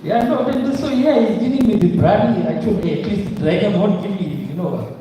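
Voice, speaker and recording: A man's voice: high voice, expressive, fairly quick, warm tone, a little hiss or hum. A man playing a rambling tipsy uncle. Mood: boasting. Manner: rambling, chatty, laughs through his own stories. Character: boastful tipsy middle-aged man, rambling storyteller. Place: large hall. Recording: echoey hall from far off.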